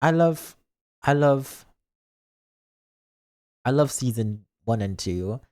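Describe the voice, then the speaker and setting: Young male vtuber, playful and theatrical, lively pitch swings, trips over words. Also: takes it slowly. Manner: playful, dramatic mock outrage, stumbles over words. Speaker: vtuber streamer. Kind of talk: casual livestream chat reading comments.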